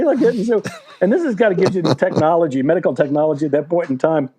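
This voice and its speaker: Mellow-voiced man in his sixties telling a story. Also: high voice, fast, breathy edge, lo-fi sound. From West Virginia, USA. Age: 60s. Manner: rambling, full of "like" and "you know" fillers, laughing at his own story. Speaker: guest author. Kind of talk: casual storytelling interview.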